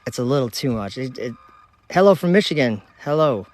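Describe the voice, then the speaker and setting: A man's voice: mid-range voice, expressive, brisk, a little mellow. A man from Minnesota hosting a casual live stream outdoors at night, chatting with viewers, reading their comments aloud and laughing easily, recorded on a phone. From United States (Minnesota). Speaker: livestream host.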